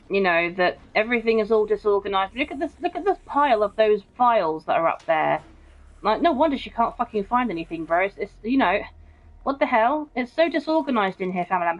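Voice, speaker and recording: A young woman casually chatting while streaming a game and reading out viewer comments, blunt and swearing freely. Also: fairly high pitch. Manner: chatty and blunt, swears often, keeps saying bro. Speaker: gaming streamer. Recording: muffled, dull stream audio.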